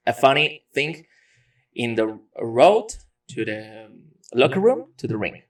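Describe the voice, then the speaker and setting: A man's voice: medium pitch, big pitch swings, slow. Male co-host who asks questions and reacts briefly, heard from off-mic. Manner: short reactions, laughing along. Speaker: podcast host. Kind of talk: interviewing. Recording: off-mic, distant.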